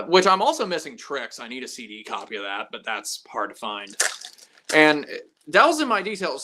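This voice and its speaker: A man's voice: on the high side, bright, forceful tone. A man hosting a live stream, casually telling stories to his chat, swearing freely and acting out both sides of conversations.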